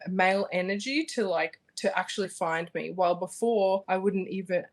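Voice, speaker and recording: Casting note: young Australian woman, chatty fighter guest, animated and meandering, mid-pitched voice. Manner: animated, rambling, many fillers and restarts. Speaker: guest, bare-knuckle fighter. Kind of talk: casual interview chat.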